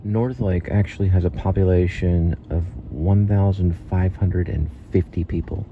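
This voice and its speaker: A man hosting his show, chatting in a rambling, casual way while driving, recorded inside a moving car with loud road noise. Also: low voice, steady tone, normal speed, narrow, tinny audio. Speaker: show host.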